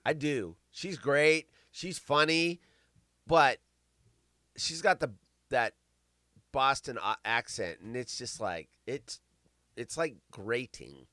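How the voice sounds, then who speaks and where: A middle-aged man hosting a live show, rambling and swearing, with big swings between loud bursts and mumbling. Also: mid-range voice, takes it slowly, pauses often, no room sound. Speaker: podcast host. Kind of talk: casual live-stream chat.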